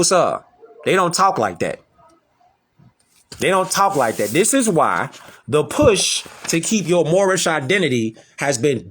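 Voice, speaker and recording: With a voice on the high side and a bit bright, an online lecturer gives preachy commentary to camera. He lectures his audience emphatically, asking the same rhetorical questions over and over.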